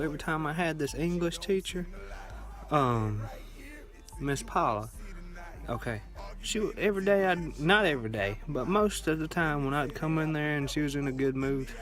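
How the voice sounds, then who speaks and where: A man's voice: medium pitch, fairly bright tone. A young man, telling stories to camera in a rambling, drawling way with many fillers and restarts. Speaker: vlogger. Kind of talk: casual storytelling to camera.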